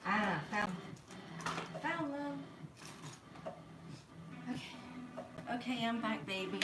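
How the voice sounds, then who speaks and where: A woman livestreaming as she grooms her pet rabbit at home, talking in soft cooing baby talk and sometimes dropping to a whisper. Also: on the high side, drawn-out words, heavy background noise.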